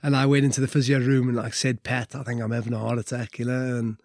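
A man's voice: mid-range voice, level tone, quick pace, darkish tone, dry recording, studio quality. A middle-aged Welsh man and former rugby player telling his story in a casual interview, chatty and full of fillers. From Wales. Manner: conversational, lots of fillers and "like".

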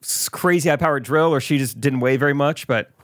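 A man co-hosting a podcast in casual chat, curious and quick with follow-up questions. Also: medium pitch, no echo, clean studio sound. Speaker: podcast co-host.

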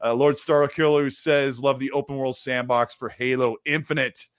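A man's voice: medium pitch, steady tone, moderate pace, clean tone, no echo, clean studio sound. A man hosting a live gaming show, chatting casually and reading viewer messages aloud. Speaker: host of a gaming stream show. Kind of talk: casual live-stream chat.

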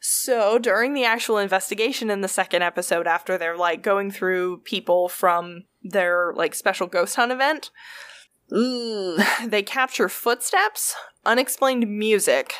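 A woman's voice: medium pitch, a little slow, fairly bright tone. Chatty, profane woman telling stories. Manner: chatty, profane, heavy on fillers. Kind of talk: casual storytelling.

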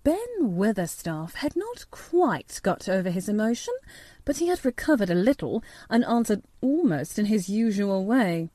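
A woman narrating a storybook in a measured, steady reading voice. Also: mid-range voice, no room sound. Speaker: audiobook narrator.

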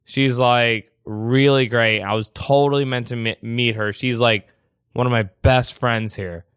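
Un homme, invité comédien, qui raconte une histoire personnelle avec animation en imitant les gens. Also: male voice, medium pitch, measured pace, clean tone, no echo, clean studio sound. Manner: animated storytelling, acts out quotes. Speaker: comedian guest. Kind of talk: casual storytelling on a podcast.

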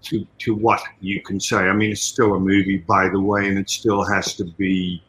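Australian man, bright forceful voice, chatty podcast guest full of asides. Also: low voice, moderate pace, rough recording. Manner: animated storytelling with many "you know" asides. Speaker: guest, martial arts trainer and fight coordinator. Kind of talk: casual interview talk.

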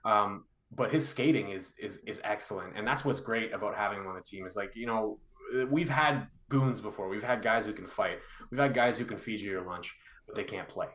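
A man appearing as a guest analyst on a hockey podcast, talking through plays in a measured, analytical way with many fillers. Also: lowish voice, a bit bright. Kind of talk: casual hockey podcast chat.

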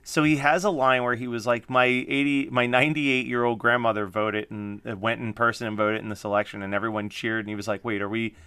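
A man's voice: mid-range voice, steady tone, a little fast, few pauses, sharp tone, smooth, dry recording. A man co-hosting a casual podcast chat, laughing often and acting out quoted lines. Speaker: podcast co-host.

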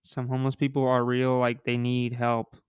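A man's voice: medium pitch, completely flat delivery, clear, resonant tone, dry recording. A man hosting a casual podcast, talking in a joking, rambling way with a nasal voice. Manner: joking, rambling, quick asides. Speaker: podcast host.

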